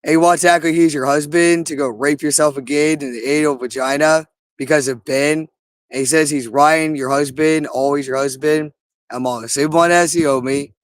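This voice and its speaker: A man speaks in an agitated, rambling monologue, full of profanity and repeated phrases. His voice sits a little high for a man. The sound is dry and close, with no room echo. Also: steady tone, normal speed.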